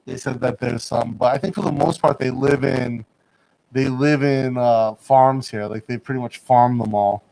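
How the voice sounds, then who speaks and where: A man's voice: mid-range voice, fairly even intonation, normal speed, creaky, dark tone. A man hosting a casual livestream chat from a studio in Bangkok. He rambles, laughs often and hedges his points. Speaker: livestream host.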